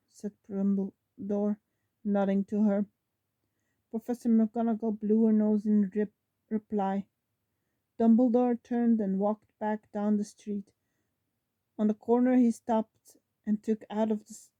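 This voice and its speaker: A woman reading a novel aloud, slowly, often stumbling over words and correcting herself. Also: mid-range voice, dark tone, no room sound, muffled recording. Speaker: reader.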